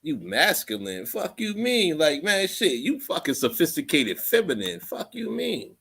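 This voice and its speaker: A man hosting his own livestream, ranting off the cuff with heavy profanity. His pitch rides up and down with a lively, animated swing. He drops to mutters, then bursts out loud, repeating lines as he goes. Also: unhurried, vocal fry, breathy edge. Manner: profane, rambling, repeats phrases. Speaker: livestream host. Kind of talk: unscripted livestream rant.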